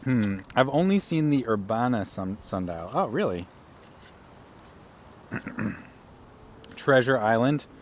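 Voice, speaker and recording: A man's voice: medium pitch, lively intonation, slow, long pauses, slight background noise. A man live-streaming outdoors while cycling through city streets, chatting casually with his viewers.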